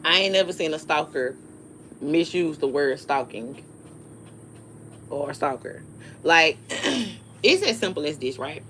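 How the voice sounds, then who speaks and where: A woman's voice: low-pitched, expressive, slow pace, long pauses, fairly bright tone, slight background noise. A woman hosting a live stream, ranting in a blunt, profane, dismissive way and telling stories with animation. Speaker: livestream host. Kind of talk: casual live-stream rant.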